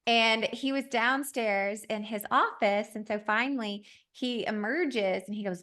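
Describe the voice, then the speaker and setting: A woman podcast host in her thirties, telling a story in a lively, conversational way and acting out the dialogue. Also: on the high side, unhurried, few pauses. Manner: animated, acts out quoted dialogue.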